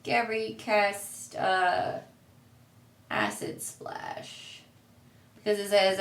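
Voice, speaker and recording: A woman playing a tabletop game, lively and enthusiastic. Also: medium pitch, very slow, gravelly, long pauses, echoey room, recorded from a distance. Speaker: player. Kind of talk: casual tabletop play.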